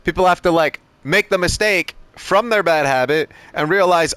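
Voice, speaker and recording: A man's voice: fairly high pitch, animated, normal speed, few pauses, fairly bright tone, no echo. A man coaching a sim racing driver on a live stream, giving short driving instructions and chatting casually, swearing often. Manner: casual, swears often, repeats "you know what I mean".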